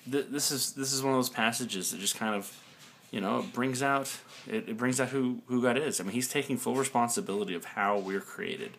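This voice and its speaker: A man's voice: on the low side, creaky, a bit bright, a little hiss or hum. A man talking to his camera about a Bible passage in a loose, rambling way, with lots of ums and restarts. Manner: rambling, many fillers and restarts. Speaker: video blogger discussing a Bible passage. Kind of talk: casual talk to camera. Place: indoors, dim room. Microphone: camera mic, looking at camera.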